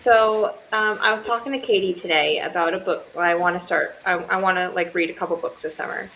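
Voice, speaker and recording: A woman's voice: on the low side, a little fast, fairly bright tone, slight background noise, low-quality recording. A middle-aged woman chatting casually as a guest on a live stream, talking in a friendly way with lots of hesitant fillers. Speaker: guest caller. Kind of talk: casual chat.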